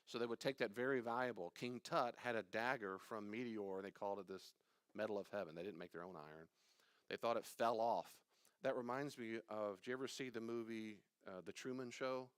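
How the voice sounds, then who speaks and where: A man's voice: fairly low pitch, fairly even intonation, fairly quick, clean tone, no room sound. A man teaching a Bible study in a conversational, digressive way, often quizzing his listeners. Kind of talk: informal teaching.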